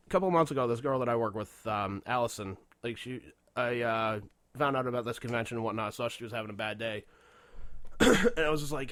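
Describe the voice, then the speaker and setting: A male podcast host telling stories casually, with plenty of cursing and laughs in between. His voice sits at a middle pitch. The sound is dry and close to the mic. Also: no echo. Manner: animated storytelling, heavy swearing, frequent laughter. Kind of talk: casual chat.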